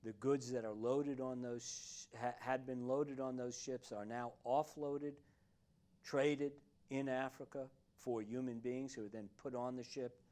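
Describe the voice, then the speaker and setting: A man giving a university history lecture, speaking deliberately with many pauses and fillers and leaning on key words. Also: medium pitch, little pitch movement, warm tone. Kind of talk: classroom lecture.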